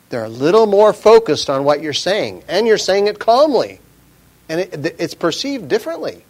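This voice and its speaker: A man giving an informal sermon in a slow, measured, conversational way, with fillers and quoted proverbs. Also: fairly high pitch, big pitch swings, darkish tone. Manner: slow, measured, conversational, drops to a whisper at times. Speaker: preacher.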